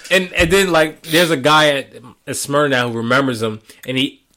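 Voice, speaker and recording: A man's voice: on the high side, moderate pace. A young man co-hosting a casual podcast, telling stories with plenty of laughter and swearing. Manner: animated storyteller, laughs often, swears freely. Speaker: podcast co-host.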